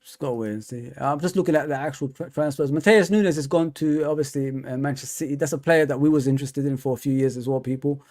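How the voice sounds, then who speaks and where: A man's voice: medium pitch, fast, hardly any pauses, a little mellow. A young man, hosting a live stream and chatting casually with his viewers, rambling and repeating himself with lots of fillers. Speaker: fan channel host. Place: home.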